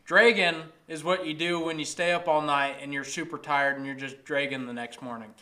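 Bright-voiced man, playful explainer. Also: on the high side, steady tone, moderate pace. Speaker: podcast co-host. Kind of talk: casual chat.

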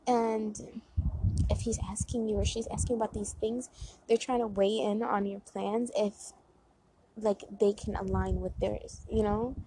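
Chatty husky young woman. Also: mid-range voice, fairly even intonation, measured pace, warm tone, rough recording. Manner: rambling, chatty, lots of fillers and asides. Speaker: vlogger giving dating advice. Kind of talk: casual chat. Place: outdoors near a road.

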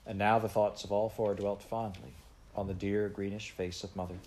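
A man with a fairly low voice reads a children's novel aloud. His delivery is unhurried and gently expressive, with a faint hiss of noise underneath. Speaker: audiobook reader.

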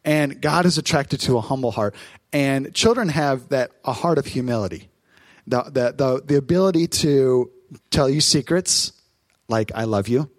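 A man, a pastor in his thirties, preaching a sermon on stage in church, telling family stories in a lively, animated way. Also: mid-range voice, dry recording. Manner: warm storytelling, lively, quick asides.

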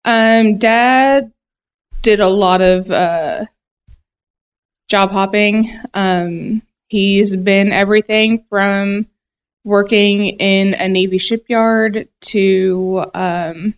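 A woman from Buffalo, New York, being interviewed as a podcast guest, soft-spoken and hesitant with many ums. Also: mid-range voice, fairly even intonation, extremely slow, clean tone. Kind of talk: casual interview chat.

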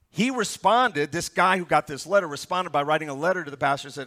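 A pastor giving a sermon, reading scripture verses aloud and explaining them with stories and asides. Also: male voice, fairly high pitch, expressive, fast, hardly any pauses, pushed and bright.

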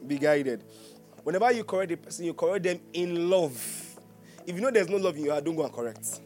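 High-voiced Nigerian pastor preaching with humor. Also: male voice, expressive, a little fast, darkish tone, soft background music. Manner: humorous, laughing often, teasing the congregation; asks the congregation questions. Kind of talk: sermon.

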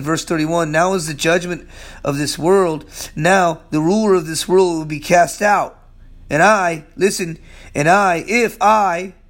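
A man preaching a sermon as pastor, emphatic and streetwise, swinging from loud calls to low, quiet murmurs.

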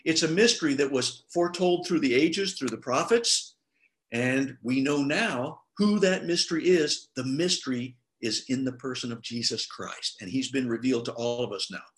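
A man's voice: medium pitch, moderate pace. A man preaching in a conversational way. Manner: conversational preaching with lively quoted voices. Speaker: pastor. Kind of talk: sermon.

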